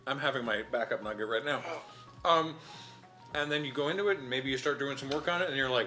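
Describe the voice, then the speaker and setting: A man hosting a casual chat on a charity stream, telling stories in an animated, chatty way and laughing easily, sometimes talking with his mouth full. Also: medium pitch, a little fast, soft background music. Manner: talks while eating. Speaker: host.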